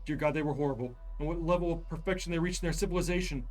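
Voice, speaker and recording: A man voicing a deranged, ragged old male explorer who shouts and pleads in a panic. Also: fairly high pitch, racing, soft background music, natural voice. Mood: raving.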